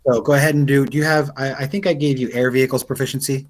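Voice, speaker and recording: A man's voice: mid-range voice, steady tone, fast talker, slight background noise, poor audio. A man narrating as game master of an online tabletop game, describing scenes with frequent fillers and restarts. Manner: descriptive, hesitant with many fillers.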